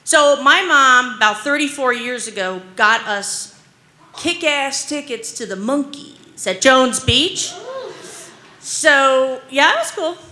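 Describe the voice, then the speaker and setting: Bright-voiced woman comic rambling through a story. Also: high voice, slow pace. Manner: rambling, animated, heavy use of fillers like "like" and "um"; self-deprecating, anxious humor. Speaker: stand-up comedian. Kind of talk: stand-up storytelling.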